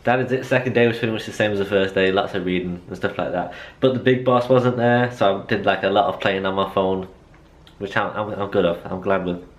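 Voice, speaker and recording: A man's voice: on the low side, a little fast. A young man chatting in a rambling, self-mocking way as a vlogger. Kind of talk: casual vlog chat.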